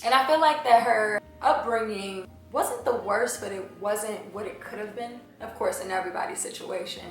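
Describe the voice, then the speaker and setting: In a very echoey room with faint music behind her and her voice away from the mic, a young Washington, D.C. woman speaks to camera. She offers a candid, emotional, confessional personal testimony at a moderate pace and medium pitch, with slight background noise.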